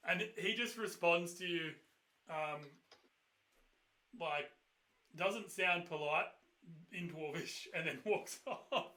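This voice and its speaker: A man's voice: fairly high pitch, takes it slowly, pauses often, pushed and bright, reverberant. A man running a tabletop game as game master, narrating with a rambling, laughing manner.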